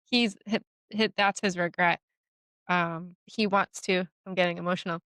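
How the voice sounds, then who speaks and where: A woman giving a one-on-one mediumship reading, talking gently with halting fillers and restarts. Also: on the low side, fairly even intonation, clear, resonant tone, no room sound. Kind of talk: one-on-one reading, casual and hesitant.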